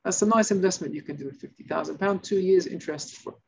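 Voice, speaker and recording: A male rabbi giving an informal Torah class, telling stories and acting out the shouting characters. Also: sits high, quick pace, creaky, slightly rough. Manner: animated storytelling, acts out shouting characters. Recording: slightly muffled recording with faint noise.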